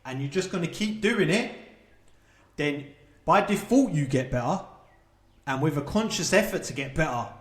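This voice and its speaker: A man's voice: on the high side, animated, moderate pace, long pauses. A man coaching viewers on self-publishing in a casual talk to camera, stressing points and checking in with "right?" and "okay?". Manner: emphatic, repeats points with rhetorical checks.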